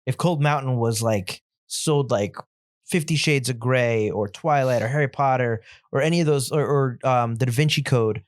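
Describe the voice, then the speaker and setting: A man co-hosting a film podcast, talking in a loose, rambling, easygoing way and sliding into little jokes at his own expense. His pitch sits in an ordinary middle range. The studio sound is dry and close, with no room echo. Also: normal speed. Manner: rambling, easygoing, self-deprecating humor. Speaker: podcast co-host. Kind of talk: casual film discussion. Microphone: studio mic.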